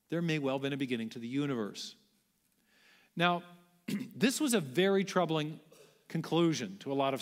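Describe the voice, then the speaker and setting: A man giving an animated public lecture, telling the story with emphasis and asking the audience rhetorical questions. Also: on the high side. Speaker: guest lecturer. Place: large church auditorium. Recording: long church-hall reverb.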